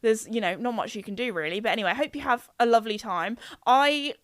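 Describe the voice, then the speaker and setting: A woman's voice: a little high, fast talker, no room sound. Chatty young woman, dry close sound. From England. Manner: chatty, rambling, giggly. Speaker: podcast host. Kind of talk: casual chat reading comments.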